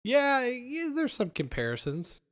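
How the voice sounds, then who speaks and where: A podcast host chatting casually and recapping film scenes in an animated retelling, acting out the quoted lines. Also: male voice, extremely high pitch, measured pace.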